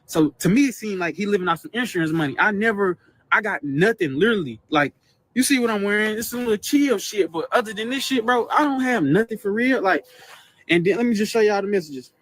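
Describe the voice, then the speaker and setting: A man's voice: sits high, lively intonation, fairly bright tone. A twenty-year-old man venting in a casual, rambling and aggrieved way about family. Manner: aggrieved, rambling, fast and repetitive. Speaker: guest telling his story.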